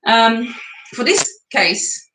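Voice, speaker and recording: Woman, singing teacher, encouraging, bright tone, roomy echo. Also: a little high, very animated, drawn-out words, slight background noise. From England. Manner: encouraging, chatty, laughs between exercises. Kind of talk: guided vocal exercise session. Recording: echoey room.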